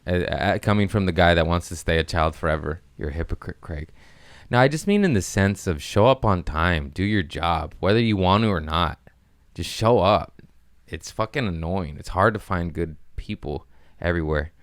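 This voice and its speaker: A man with a deep, smooth, resonant voice hosts a comedy podcast, talking in a loose, rambling rant full of crude jokes. He punches certain lines with sudden bursts of loudness. The sound is dry and close. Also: expressive, normal speed, no echo.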